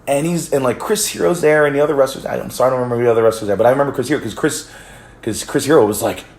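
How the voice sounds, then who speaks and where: An American man tells a story in a rambling vlog, restarting often, swearing and laughing as he goes. His voice is mid-range and racing, and the sound is roomy.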